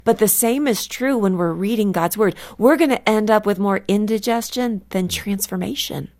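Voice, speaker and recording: Earnest woman in lively faith talk. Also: medium pitch, moderate pace. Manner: earnest and animated, acts out quotes with playful emphasis; laughs easily while explaining. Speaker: radio program guest.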